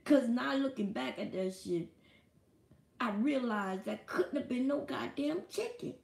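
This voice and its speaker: A woman from the United States, a live streamer telling a profane, animated story and laughing often, alone in a small room at home. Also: on the high side, a little slow, vocal fry, echoey room. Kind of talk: casual storytelling monologue.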